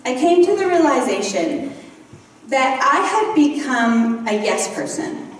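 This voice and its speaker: A woman's voice: high-pitched, very animated, distant mic. Woman preaching in an echoey hall. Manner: gentle, unhurried storytelling with light humor. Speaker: guest speaker. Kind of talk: storytelling sermon. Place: large church hall.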